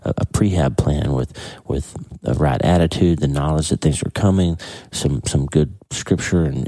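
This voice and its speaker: A man's voice: very deep voice, dark tone, no room sound. A man hosting a faith podcast, talking earnestly with many restarts, his voice cracking with emotion. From United States. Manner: earnest, halting, repeats words. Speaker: podcast host. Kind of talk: casual devotional talk.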